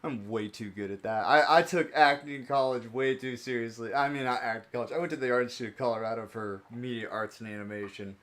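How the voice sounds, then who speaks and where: A man's voice: mid-range voice, fast talker, hardly any pauses, fairly bright tone. A young man chatting casually on his live stream as he opens card packs, rambling and joking about himself.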